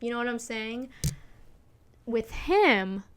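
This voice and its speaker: A young woman in her twenties hosts a solo podcast and is seen recording on camera, her slightly high, clean voice moving slowly but animated. She chats casually, rambling and emphatic, with plenty of fillers and swearing.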